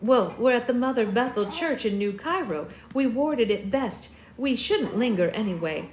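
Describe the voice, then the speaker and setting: Woman doing a level-headed young witch, plain and steady. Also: fairly high pitch, moderate pace, echoey room, a little hiss or hum, lightly acted. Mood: matter-of-fact.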